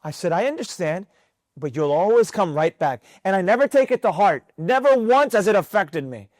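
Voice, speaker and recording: A man teaching a live mentorship class on trading, talking in an animated, preachy way and repeating himself for emphasis, with students in the room. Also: high-pitched, moderate pace, no echo.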